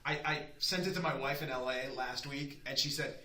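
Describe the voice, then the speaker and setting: A man's voice: mid-range voice, fairly quick. A man in his thirties, a chef chatting as a guest, telling stories and acting out the people in them. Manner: animated storyteller acting out quoted voices. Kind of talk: casual chat. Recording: echoey room with faint noise.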